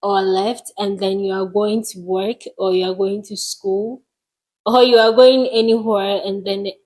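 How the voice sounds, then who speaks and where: A woman from Ghana with a Ghanaian accent, chatting casually as a podcast co-host, relaxed and unhurried with frequent ums. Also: mid-range voice, low-quality recording. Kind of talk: casual chat.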